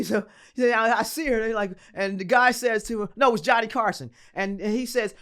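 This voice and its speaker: A woman from Philadelphia, a guest on an interview show, telling her story in a lively, slangy, profane way and acting out the quotes. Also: fairly high pitch, fairly quick, hardly any pauses.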